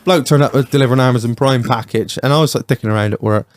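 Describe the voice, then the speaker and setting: A man's voice: mid-range voice, rapid-fire. A man hosting a podcast in casual chat, telling stories with lots of swearing. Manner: sweary storytelling. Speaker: podcast host.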